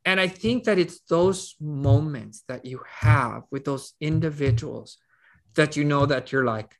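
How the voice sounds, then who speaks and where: A man's voice: a little high, unhurried, vocal fry. A man, a nonprofit CEO, telling a personal story as a guest in an earnest, conversational way, with frequent restarts. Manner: earnest, with many restarts and fillers.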